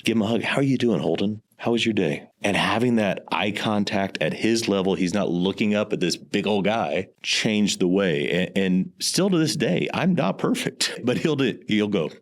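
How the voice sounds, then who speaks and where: A man in his thirties or forties speaks as a podcast guest, earnest and emphatic, stacking repeated phrases for weight. His voice sits a little low. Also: normal speed, few pauses. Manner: earnest, emphatic, leans on repetition. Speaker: guest, business executive. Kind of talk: reflective interview talk.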